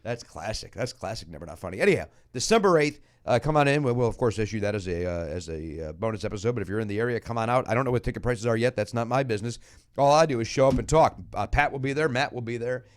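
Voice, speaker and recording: A man hosting a comedy podcast, rambling and mock-ranting with crude jokes and quick plugs for upcoming shows. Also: mid-range voice, expressive. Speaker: podcast host.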